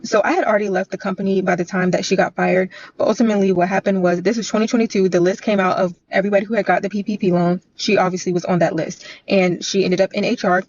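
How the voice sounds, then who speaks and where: Fast-talking woman telling a work story. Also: mid-range voice, a little mellow, dull audio, a little hiss or hum. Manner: fast, explanatory. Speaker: bank employee telling a story. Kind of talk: casual storytime vlog.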